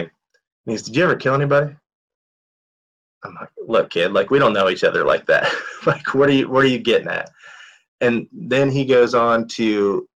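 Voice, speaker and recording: A man's voice: fairly low pitch, fairly bright tone, poor audio. A man in his thirties giving a candid, conversational motivational talk, telling personal stories with many fillers and restarts. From United States. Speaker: motivational speaker. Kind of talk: storytelling talk.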